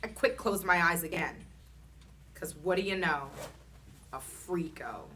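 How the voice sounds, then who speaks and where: A woman reading a children's chapter book aloud in an expressive, animated storytelling manner. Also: lowish voice, a little slow, long pauses.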